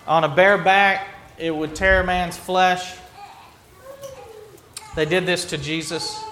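A man's voice: high voice, a bit bright, a little hiss or hum. A man preaching a sermon, retelling a scripture story earnestly, with frequent restarts. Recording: echoey room.

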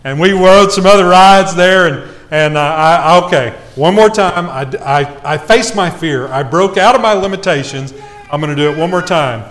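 A man preaching a sermon, telling a self-mocking story with lively swings in his voice. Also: on the high side, moderate pace.

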